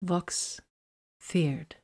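A woman reading romantic fiction aloud in a soft, breathy voice that often drops near a whisper. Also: very slow. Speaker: narrator.

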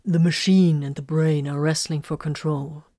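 A woman voicing a calm male warrior who speaks in a musing way. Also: low voice, moderate pace, no echo, clean studio sound.

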